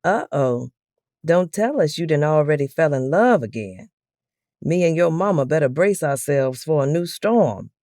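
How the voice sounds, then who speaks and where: A man's voice: a little high, expressive, moderate pace, creaky, a little mellow, dry recording, clean studio sound. A woman voicing an easygoing husband who whines and jokes. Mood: teasing. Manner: whiny, joking.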